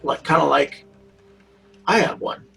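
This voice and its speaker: A man's voice: a little high, a little slow, gravelly, a bit bright, breathy edge, faint music behind, rough recording. A man playing a tabletop role-playing game, reacting casually and with playful swearing. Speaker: player.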